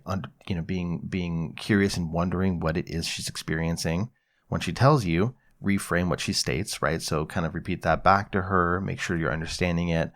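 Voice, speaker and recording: A man hosting an advice podcast, calmly explaining and acting out example conversations. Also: low voice. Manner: calm, explanatory, acts out example dialogue. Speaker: podcast host, psychologist.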